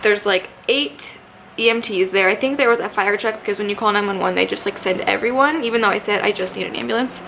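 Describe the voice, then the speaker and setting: A young woman in her twenties chats to camera, animated and full of fillers as she tells her story. Her voice sits at a middling pitch for a woman. A faint hiss runs under the recording. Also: fast, gravelly. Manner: chatty, animated, lots of fillers. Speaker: vlogger.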